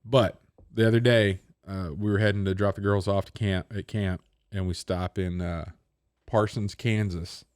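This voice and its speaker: Animated man telling a podcast story. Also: fairly low pitch, moderate pace, no room sound, studio quality. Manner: animated storyteller, acts out other people's lines. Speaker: podcast co-host. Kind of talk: casual storytelling chat.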